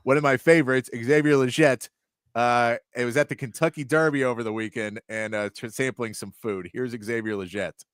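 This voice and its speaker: A man's voice: medium pitch, fairly even intonation, moderate pace, a bit bright, clean tone, no echo, studio quality. A Texan man hosting casual sports talk, telling stories chattily and laughing as he goes. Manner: chatty storyteller who laughs as he talks. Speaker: sports talk show host.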